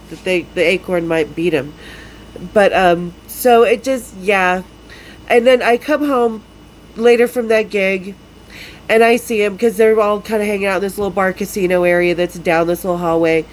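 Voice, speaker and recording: A woman's voice: medium pitch, a little hiss or hum, poor audio. Blunt, swearing woman podcast host. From Salt Lake City, Utah. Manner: blunt, profane, laughs often. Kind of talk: casual storytelling.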